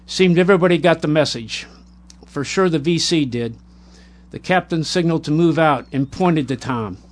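A man reading a war memoir aloud in a measured, plain way, now and then stumbling and correcting himself. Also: a little high. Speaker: narrator.

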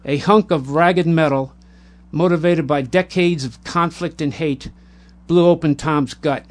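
A narrator with a fairly high-pitched male voice reads a war memoir aloud in a measured, plain manner, occasionally stumbling and then correcting himself.

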